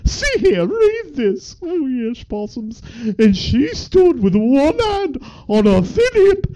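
A man's voice: very high-pitched, very animated, slow pace, mellow, exaggerated voice. A man voicing a fussy older woman who reads aloud theatrically and calls everyone possums. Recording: dull lo-fi podcast audio.

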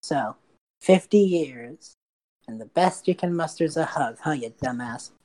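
A woman's voice: low-pitched, expressive, measured pace, warm tone, rough recording. A woman voicing a brash, teasing young woman who is back after long years away and talks bluntly and sarcastically. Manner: blunt, sarcastic, swears casually.

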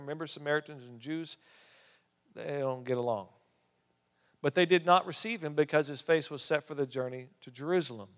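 A male preacher delivers a sermon in a fairly high voice. He swings between emphatic, rising passages and hushed drops. His voice carries a long reverb, as in a large church hall. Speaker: pastor.

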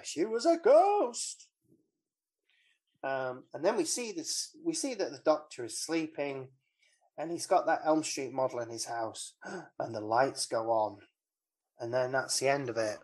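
A podcast co-host, casually retelling a film plot in a wry, rambling way with lots of ums. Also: medium pitch. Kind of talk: casual film recap chat.

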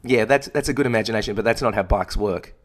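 A man's voice: fairly low pitch, fast. A young man co-hosting a casual chat, telling a rambling, self-deprecating story. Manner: rambling, self-deprecating, acts out quoted voices. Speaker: podcast co-host.

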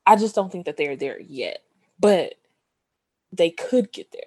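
A woman's voice: fairly low pitch, animated, unhurried, a little mellow, dry recording. A young woman co-hosting a sports podcast, chatting casually in a teasing, emphatic way and repeating herself. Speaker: podcast co-host.

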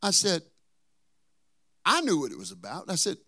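A man's voice: on the high side, huge pitch swings, moderate pace. Pastor man preaching a story sermon. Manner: shifts from hushed asides to emphatic preaching.

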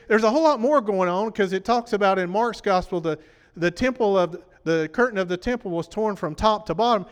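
High-voiced preacher in a reverberant hall. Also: male voice, clean tone. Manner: conversational, questions the congregation. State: voice worn from preaching. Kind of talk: sermon.

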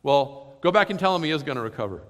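A man voicing God as a brisk, matter-of-fact male deity in a retold story. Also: on the high side, expressive, fairly bright tone, voice pushed up. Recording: long hall reverb.

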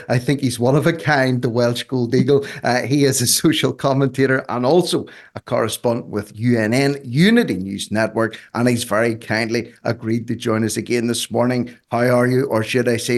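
A man's voice: mid-range voice, fairly even intonation, moderate pace, hardly any pauses. A man hosting a radio talk show, chatty and jokey as he introduces a guest and poses questions.

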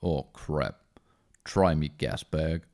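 A man doing an impression of a gruff, sarcastic male demon hero, aiming for a deep manly growl. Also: slow, a little mellow, full character voice.

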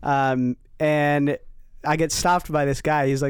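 A man from San Francisco tells stories on a podcast, his voice smooth and clear and a little high. He laughs easily, and the sound is dry and close-miked. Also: steady tone, normal speed, no room sound. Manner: laughing, storytelling. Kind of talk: casual podcast chat.

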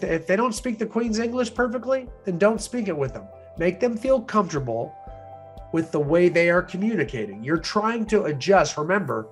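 A man giving an instructional talk on sales and negotiation, animated, acting out the voices he quotes and chuckling now and then. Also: on the high side.

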